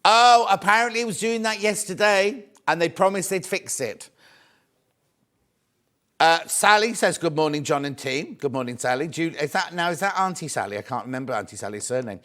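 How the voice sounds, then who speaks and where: A British man presenting live on a shopping channel, chatting warmly to viewers and reading out their messages, with the odd cough. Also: fairly high pitch, lively intonation, moderate pace. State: coughing, mild throat trouble.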